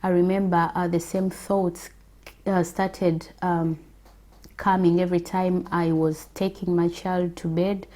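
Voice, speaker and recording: A woman from Africa gives a personal faith testimony at a very unhurried pace. Her voice is low-set and mellow, and she pauses often with soft fillers as she reflects. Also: flat delivery. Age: adult with children. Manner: slow and reflective, with hesitant fillers.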